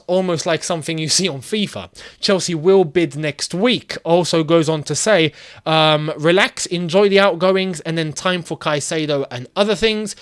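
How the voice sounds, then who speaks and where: A man hosting his own football channel, chatting casually and animatedly and laughing often. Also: a little high. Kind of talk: casual football chat vlog.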